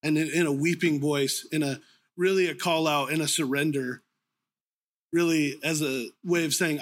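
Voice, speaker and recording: A man giving a sermon in an informal, conversational way, with frequent ums, restarts and the odd throat-clearing. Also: a little high, steady tone, moderate pace. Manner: clears his throat now and then. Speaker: preacher.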